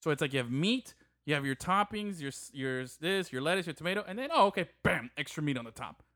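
A man, hosting a casual chat and telling stories in a slangy, animated way. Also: on the high side, fast, slight background noise. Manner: animated storyteller, slangy, says "bro" a lot.

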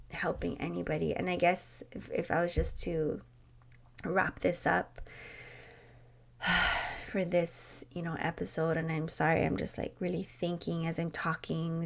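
Impassioned woman with gravelly voice. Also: lowish voice. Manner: passionate, pleading, rising to emphatic. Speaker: podcast host. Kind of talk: unscripted personal talk.

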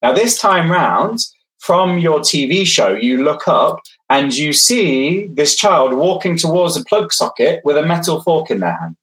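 A man's voice: on the high side, big pitch swings, a little slow, fairly bright tone, rough recording. A man lecturing online, engaging his audience directly and reading out their replies from the chat.

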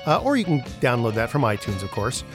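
A man's voice: medium pitch, sing-song, fast, over music. A man hosting a podcast, introducing clips in a rambling, casual way with many fillers. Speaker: podcast host.

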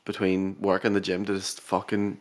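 A man's voice: low-pitched, monotone, normal speed, darkish tone. A Northern Irish man co-hosting a podcast in casual chat, teasing his friend, swearing freely and laughing often. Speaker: podcast co-host.

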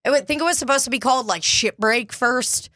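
A woman's voice: high-pitched, fairly quick, sharp tone, dry recording, clean studio sound. A woman co-hosting a comedy podcast, chatting casually, laughing often and swearing freely. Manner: giggly, swears freely, breaks into silly voices. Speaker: podcast co-host.

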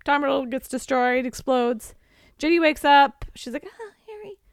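A young woman co-hosting a podcast, casually retelling a story in a lively way and slipping into quick silly voices. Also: high voice, clean tone, no room sound, studio quality. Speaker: podcast co-host. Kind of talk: casual chat recapping a story.

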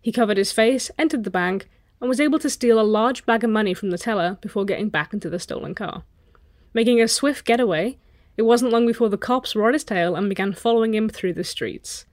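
A woman's voice: a little high, brisk, a little mellow, dry recording, studio quality. A woman co-hosting a podcast, telling a story in a joking, casual way and swearing now and then. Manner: jokey, swears, acts out silly voices. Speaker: podcast co-host.

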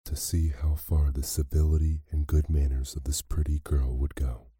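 A man narrating a classic fairy tale as a slow, soothing bedtime story. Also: very deep voice, flat delivery, breathy edge, no echo, studio quality. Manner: slow, soft, soothing reading.

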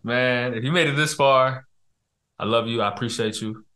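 A man's voice: mid-range voice, normal speed, pushed and bright. Laughing, slangy young male co-host. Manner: laughs often, slangy and profane. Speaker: podcast co-host. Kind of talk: casual chat.

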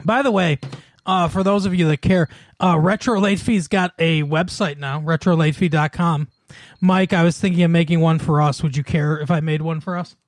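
A man's voice: on the high side, fairly even intonation, moderate pace, no echo. A man co-hosting a podcast in casual chat, laughing often and rattling off lists. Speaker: podcast co-host.

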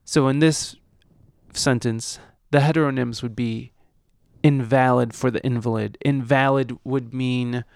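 Slow, gravelly-voiced man teaching English. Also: mid-range voice, fairly even intonation, dry recording, studio quality. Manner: slow, deliberate, reads example sentences aloud. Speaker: host. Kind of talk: podcast-style English lesson.

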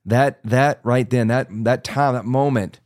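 An earnest man in his forties preaching a personal testimony, circling back and restarting as he tells it. His voice sits at an ordinary middle pitch, and the sound is dry and close with no room around it. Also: steady tone, unhurried, darkish tone, no room sound. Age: 40s. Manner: earnest storytelling with many restarts and asides. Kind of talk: sermon testimony.

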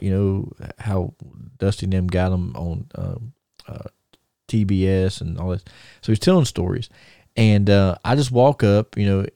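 A man's voice: deep voice, creaky, mellow, no room sound, clean studio sound. A middle-aged man, co-hosting a podcast and telling rambling stories full of fillers and restarts. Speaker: podcast co-host. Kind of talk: casual storytelling.

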